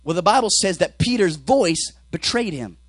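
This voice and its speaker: A man preaching a sermon, dramatically acting out the characters and swinging between shouting and whispering. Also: sits high, lively intonation, moderate pace, no room sound.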